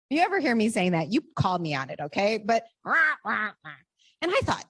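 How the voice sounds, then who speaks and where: A woman author giving a library talk, telling her story with lively animation and questions to the audience. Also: mid-range voice, moderate pace. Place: library program room.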